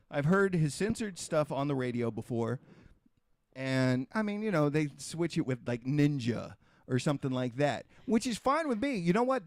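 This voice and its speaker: A middle-aged man on a casual podcast, swearing constantly as he hammers his point home. His voice sits a bit high for a man, and the sound is dry and close, with no room around it. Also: dry recording. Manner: heavily profane, emphatic ranting; repetitive, restarts and rhetorical questions. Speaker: podcast host.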